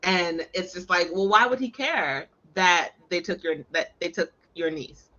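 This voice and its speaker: A woman co-hosting a casual movie discussion, thoughtful and quick to concede a point. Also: on the low side, expressive, sharp tone, muffled recording.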